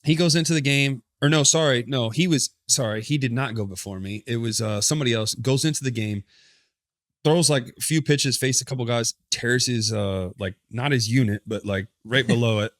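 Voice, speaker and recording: Profane, animated man telling stories. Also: mid-range voice, normal speed, dry recording, studio quality. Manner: animated, profane, self-correcting storyteller. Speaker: podcast guest, former pitcher. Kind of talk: casual storytelling interview.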